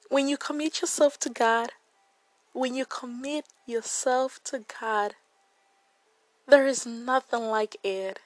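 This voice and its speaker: An earnest young woman speaks a devotional Bible reflection. Her voice sits a little high, and she repeats key phrases for emphasis. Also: a little slow, no room sound, poor audio.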